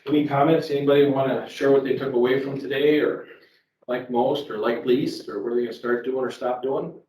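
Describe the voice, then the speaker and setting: A man's voice: medium pitch, steady tone, a little fast, dark tone, slight background noise. Middle-aged man giving a seminar. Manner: conversational, repeats words, tells personal stories. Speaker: sales trainer and speaker. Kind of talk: live seminar talk. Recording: echoey room, distant mic, faint background ambience.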